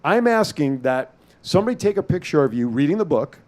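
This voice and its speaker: A man's voice: on the high side, fairly quick. A man hosting a talk show, joking with his guest and taking calls. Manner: joking, animated, takes callers. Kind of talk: casual radio talk show banter.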